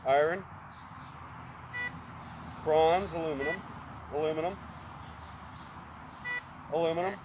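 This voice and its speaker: A man reviewing a metal detector outdoors, casually calling out each tone as he tests coins and metals. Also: sits high. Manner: plainspoken, calls out tones as he tests. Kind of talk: casual product demonstration. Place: outdoors in a yard. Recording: outdoor noise behind the voice.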